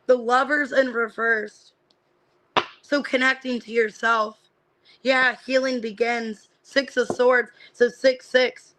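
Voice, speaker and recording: A woman giving a casual live-streamed tarot reading. She names the cards one by one and thinks out loud as she reads them, with lots of fillers. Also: on the high side, level tone, takes it slowly, a little hiss or hum, poor audio. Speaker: tarot reader.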